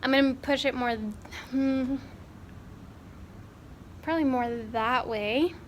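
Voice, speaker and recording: In her twenties and working as a kindergarten teacher, this woman chats to the camera in a casual, rambling vlog, full of fillers and self-corrections. She films at arm's length on a phone or camera in her classroom and her car. Her voice is high and slow, and the poor audio carries a slight hiss or hum.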